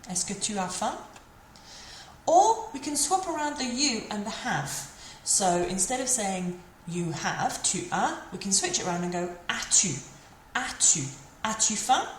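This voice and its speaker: Woman, mid-pitched teacher, patient and repetitive explainer, roomy recording with light background ambience. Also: slight background noise. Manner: patient, repeats and models French phrases. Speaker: French teacher. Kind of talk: explanatory language lesson. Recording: echoey room, faint ambience.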